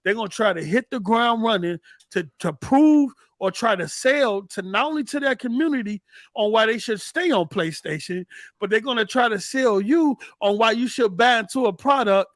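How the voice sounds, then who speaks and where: Animated high-voiced man talking games. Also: no echo, studio quality. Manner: animated, rapid, repeats words when excited. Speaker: podcast host. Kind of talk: casual gaming chat.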